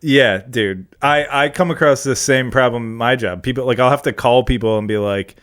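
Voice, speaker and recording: A man's voice: medium pitch, normal speed, a bit bright. A young man chatting casually on a podcast, joking, laughing often and swearing casually. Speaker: podcast co-host. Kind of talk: casual chat.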